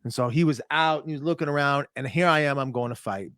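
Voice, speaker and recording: A man's voice: medium pitch, quick pace, smooth, no room sound, studio quality. A young man from Minnesota, a point fighter guest on a podcast, telling a story in casual chat and acting out the quotes. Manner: animated storyteller, acts out quotes.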